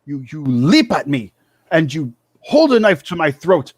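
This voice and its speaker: A man's voice: fairly high pitch, very animated, unhurried, no echo. A man voicing a pompous, cowardly male monkey demon priest who talks in a whiny, indignant, self-important way.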